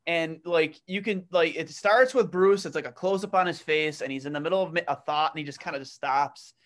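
Male co-host, high voice, lively anecdote-teller in casual chat. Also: moderate pace. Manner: animated, storytelling with laughter. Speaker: podcast co-host.

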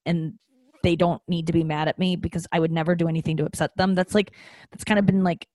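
A woman's voice: on the low side, a little mellow, dry recording. Rambling, candid woman podcast host. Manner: rambling, with many fillers and restarts; candid and self-mocking. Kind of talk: casual confessional monologue.

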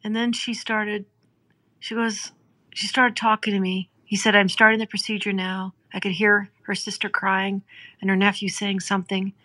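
A woman's voice: mid-range voice, level tone, moderate pace, bright, forceful tone. A woman podcast host telling an emotional story in a heartfelt, conversational way, acting out the dialogue as she goes.

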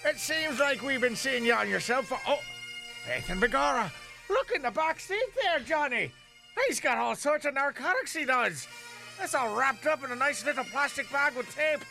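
A man's voice: extremely high pitch, lively intonation, moderate pace, vocal fry, pushed and bright, faint music behind, exaggerated voice. A man putting on an Irish accent to play a jokey male cop pulling a driver over. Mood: bossy.

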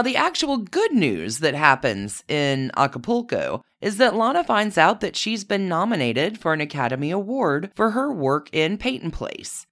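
Podcast host, casual true-crime storytelling, lively swooping pitch, wry asides, mid-range voice. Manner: chatty, with wry personal asides.

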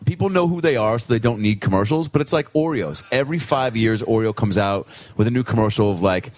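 A man's voice: fairly low pitch, a little fast. A man co-hosting a comedy podcast, telling made-up scenes with lots of laughter. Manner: animated storyteller, laughs often, acts out scenes. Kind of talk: improvised comedy chat.

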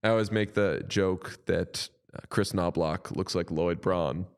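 A young man co-hosting a casual sports podcast, riffing playfully and reading an ad with bursts of excitement. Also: sits low, measured pace, smooth. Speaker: podcast co-host. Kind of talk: casual chat and ad read.

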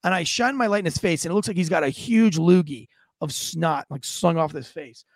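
Gravelly man telling a story. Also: fairly high pitch, fairly quick, dry recording, studio quality. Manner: animated, lots of fillers, acts out quotes. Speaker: podcast co-host, former police officer. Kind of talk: casual storytelling.

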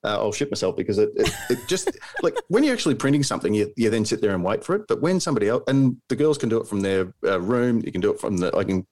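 A man's voice: fairly low pitch, very animated, fast, few pauses, darkish tone. An Australian man hosting a podcast from his home office, chatting casually with rambling asides, self-deprecating jokes and plenty of fillers. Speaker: podcast host. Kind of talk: casual chat. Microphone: studio podcast mic.

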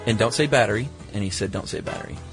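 A man's voice: on the low side, very fast, over music. A middle-aged man co-hosting a podcast, chatting casually and reading listener mail in an easygoing way. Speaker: podcast co-host. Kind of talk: casual chat.

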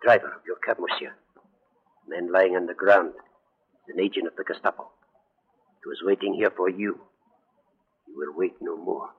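A gruff cab driver. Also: male voice, deep voice, moderate pace, pauses often. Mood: grim. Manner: terse, clipped and grim. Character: gruff French Resistance cab driver, blunt and loyal. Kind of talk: 1940s radio drama acting. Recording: dull lo-fi 1940s radio broadcast.

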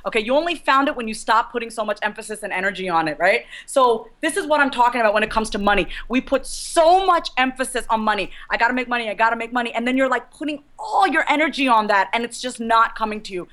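A woman speaking quickly and frankly about business, like a coach giving blunt advice. Her voice sits a little high and her delivery is brisk and animated. It sounds like a casual conversation. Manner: fast, candid, animated, addresses the host by name.

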